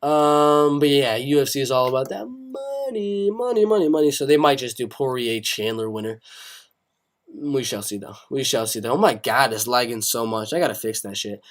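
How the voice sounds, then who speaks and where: A man's voice: medium pitch, animated, moderate pace. A young man hosting a casual live stream on fights, reading chat aloud and rambling with many repeated phrases. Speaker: MMA live stream host.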